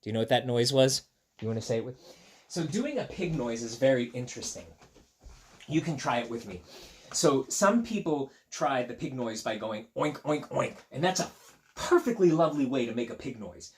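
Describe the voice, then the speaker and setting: Male storyteller reading a picture book aloud to children, lively swoops in pitch, playful asides. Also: normal speed, slight background noise. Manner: playful, animated asides to young listeners.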